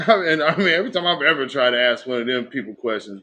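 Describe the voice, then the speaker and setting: A man's voice: medium pitch, expressive, quick pace, bright, forceful tone, highs cut off. A man with a Black American accent giving loose, joking live commentary in slangy talk. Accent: Black American English. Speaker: host of a live commentary stream.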